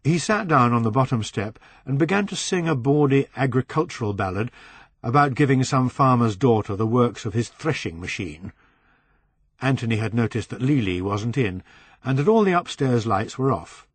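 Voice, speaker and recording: Male narrator, audiobook reading, measured, middle pitch, dry close studio sound. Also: expressive, husky, dry recording. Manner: measured, slowing on descriptive phrases. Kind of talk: scripted narration of a novel.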